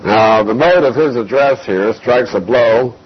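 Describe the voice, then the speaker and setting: A man preaching an expository Bible lesson, slow and deliberate, reading scripture aloud between explanations. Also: mid-range voice, breathy edge. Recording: dull lo-fi recording.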